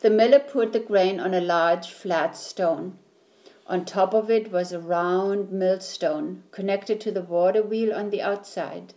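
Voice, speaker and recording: A woman reading a children's story aloud, slowly and clearly. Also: medium pitch, a little mellow. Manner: slow, clear, deliberate reading.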